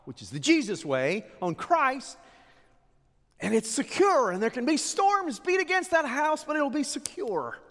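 Male pastor delivering a dramatic sermon, high-pitched and wildly swinging between loud declarations and hushed asides, long hall reverb.

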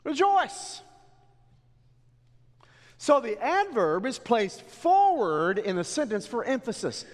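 A middle-aged male pastor preaching a sermon in a church, dropping low and then rising to emphatic exhortation. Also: big pitch swings, measured pace, hardly any pauses. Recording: long hall reverb.

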